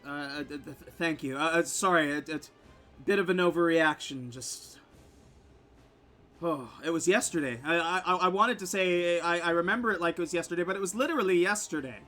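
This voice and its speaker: A man's voice: on the high side, brisk, bright, forceful tone, faint music behind. A man voicing a grateful young male dwarf laborer who stammers nervously in a tabletop game. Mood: shaken.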